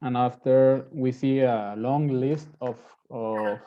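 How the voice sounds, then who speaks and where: A student answering the teacher in an English class, halting and searching for words. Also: medium pitch, fairly even intonation, highs cut off.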